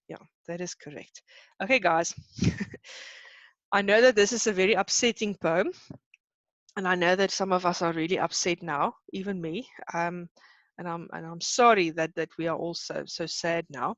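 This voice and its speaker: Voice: mid-range voice, fairly even intonation, normal speed, fairly bright tone, no echo, highs cut off. A teacher giving a live online lesson, talking in a hesitant, reassuring way with many fillers.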